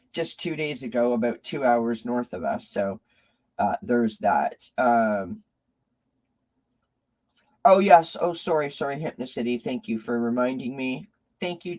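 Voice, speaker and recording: A man's voice: medium pitch, a little mellow, low-quality recording. A man hosting a live tarot stream, emotionally thanking his viewers and reading their comments. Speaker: tarot reader and channel host.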